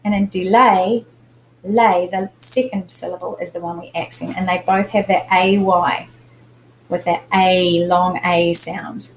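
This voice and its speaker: A woman's voice: lowish voice, steady tone, a little slow, a little hiss or hum, rough recording. A middle-aged woman teacher giving a recorded spelling lesson, patiently explaining step by step and stressing syllables.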